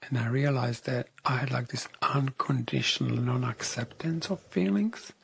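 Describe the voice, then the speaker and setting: A man talking reflectively as an interview guest, soft-spoken and often dropping into a whisper. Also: mid-range voice, lively intonation, normal speed, creaky, husky.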